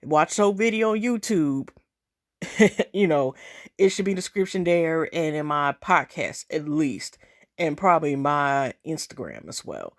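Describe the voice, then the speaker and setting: A woman's voice: sits low, sing-song, a little slow. A woman casually recapping a reality show episode, rambling with lots of fillers and talking straight to her viewers. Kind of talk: casual chat.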